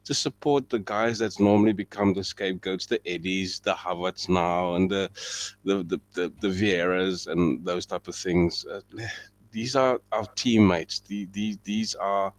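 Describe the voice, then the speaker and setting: Male podcast guest, deep low voice, earnest, supportive. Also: a little slow, no echo. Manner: earnest, supportive, laughs easily. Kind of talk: casual football chat.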